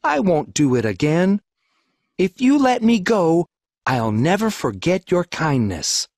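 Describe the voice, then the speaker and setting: A man voicing a tiny, frightened male mouse who pleads in a high squeaky voice in a children's fable recording. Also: very animated, takes it slowly, a little mellow, dry recording, studio quality, heavily acted. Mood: apologetic. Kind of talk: storybook audio narration.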